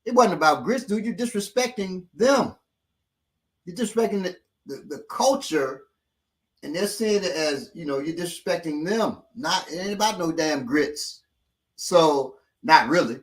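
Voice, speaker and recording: Guy with a kinda high voice, telling stories all slangy and cussing, laid-back chat. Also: normal speed. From Chicago. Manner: animated, profane, slangy storytelling. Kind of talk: casual storytelling chat.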